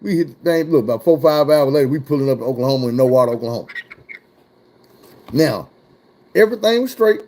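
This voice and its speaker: A man telling a profane, animated personal story in casual talk. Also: medium pitch, quick pace, long pauses. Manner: profane, animated, acts out voices.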